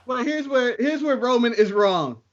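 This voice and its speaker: A man's voice: extremely high pitch, lively intonation, normal speed, muffled recording. A man co-hosting a casual wrestling podcast, joking around and laughing often. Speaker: podcast co-host.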